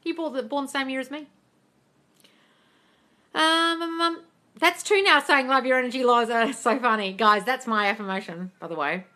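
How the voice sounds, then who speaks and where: Outspoken woman hosting a phone live Q&A; bright, slightly high voice, calls everyone darling. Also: moderate pace, long pauses. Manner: blunt, swears freely, calls viewers darling; animated, squeals and laughs at comments. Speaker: livestream host answering viewer questions. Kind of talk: casual live Q&A. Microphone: phone livestream.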